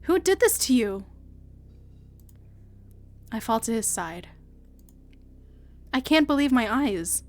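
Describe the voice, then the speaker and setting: A young woman streamer reading a visual novel aloud, with dramatic, shouting outbursts and laughing reactions. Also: a little high, very animated, slow, long pauses, a little hiss or hum. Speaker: virtual streamer.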